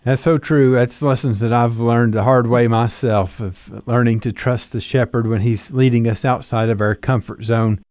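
A man's voice: medium pitch, steady tone, normal speed, few pauses, darkish tone, no echo. A man hosting a Christian radio interview, speaking earnestly and reflectively and drawing on scripture. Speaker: radio show host.

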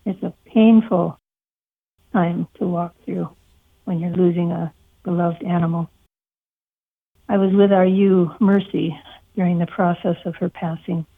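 A woman, a shepherd and author, telling heartfelt stories gently as a guest in a radio interview. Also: on the low side, fairly even intonation, measured pace, vocal fry, pauses often. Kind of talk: personal testimony in an interview. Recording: tinny phone line.

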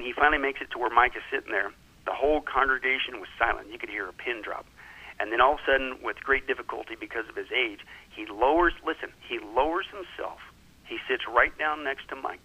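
A man's voice: mid-range voice, bright, forceful tone, breathy edge, poor audio. A man telling stories like a preacher, emphatic, often breaking in with "listen" and "right?" to hold attention. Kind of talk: animated preacher-style storytelling.

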